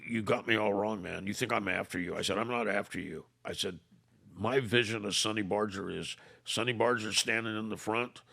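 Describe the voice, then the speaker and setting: Gravelly older man telling a story. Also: fairly low pitch, pushed and bright. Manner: retells arguments through quoted dialogue, "I said", "I go"; halting restarts. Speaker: podcast guest, former motorcycle club leader. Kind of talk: storytelling in conversation.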